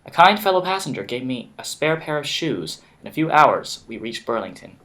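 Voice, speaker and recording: A man's voice: medium pitch, big pitch swings, moderate pace, a bit bright. A man playing a story game with a friend, reading the narration aloud in a casual way, stumbling over words and restarting. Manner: reads narration with slips and restarts, laughs often. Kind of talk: casual let's-play chat and reading aloud.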